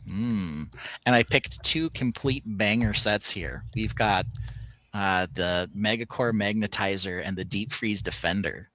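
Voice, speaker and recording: A man's voice: on the low side, a little slow, pushed and bright, a little hiss or hum. A man co-hosting a casual chat show, joking and laughing a lot. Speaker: co-host.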